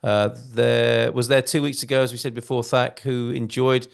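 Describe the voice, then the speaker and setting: Gravelly-voiced male host, chatty. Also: medium pitch, level tone, moderate pace. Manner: chatty, jokey, hesitant with many fillers. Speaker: host of a live stream. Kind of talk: casual live-stream chat, reading viewer comments.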